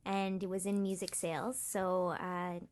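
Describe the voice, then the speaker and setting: A woman's voice: on the low side, level tone, unhurried, a little mellow. A young Canadian woman, a voice actress and interview guest, speaking in a playful, giggly, self-deprecating way. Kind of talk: casual interview chat.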